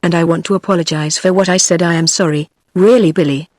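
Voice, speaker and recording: Brisk, composed young secretary, read by a synthetic British woman. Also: lowish voice, steady tone, a little mellow, no room sound, studio quality, natural voice. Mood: firm. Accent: British English. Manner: brisk, firm.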